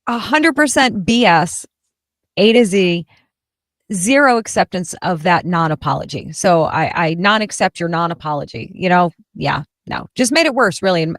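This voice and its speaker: A woman hosting a political talk show, speaking bluntly and sarcastically with animated emphasis. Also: lowish voice, no echo. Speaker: host.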